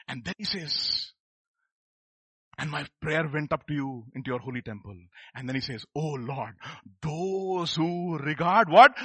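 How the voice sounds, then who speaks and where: Male preacher, bright husky voice, quizzes the congregation, dry close sound. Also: on the high side, dry recording. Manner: emphatic, quizzes the congregation with rhetorical questions. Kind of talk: sermon.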